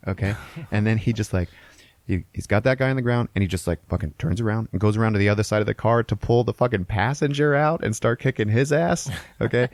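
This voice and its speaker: Low-voiced man casually recapping a movie. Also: a little mellow, dry recording. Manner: retells scenes with acted-out quotes and frequent swearing. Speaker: podcast host.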